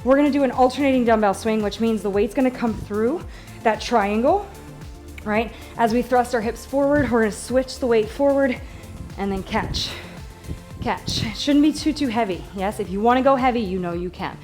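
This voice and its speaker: A woman's voice: a little high, moderate pace, a little mellow, faint music behind. A woman leading a workout as fitness instructor, upbeat and encouraging, counting reps and getting out of breath. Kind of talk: live workout coaching.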